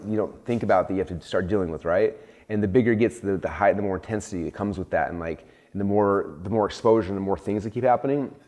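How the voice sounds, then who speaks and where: Fast-talking animated man telling stories. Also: low voice. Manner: animated storytelling, acts out his own panic in a raised voice; many fillers of "like" and restarts. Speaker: host and entrepreneur. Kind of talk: casual conversation.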